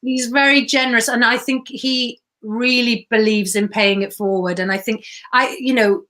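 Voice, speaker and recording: A woman chats as a podcast guest, rambling happily through stories. Her voice sits a bit high and rings bright and forceful. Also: steady tone. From Wales. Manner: chatty storyteller, quick asides. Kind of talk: casual chat.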